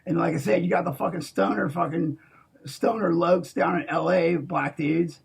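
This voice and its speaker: A man in a rambling, profane monologue, swinging between loud outbursts and low mutters and tagging lines with "okay?". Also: steady tone, normal speed, vocal fry, slightly rough. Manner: profane, repeats "okay?", restarts a lot.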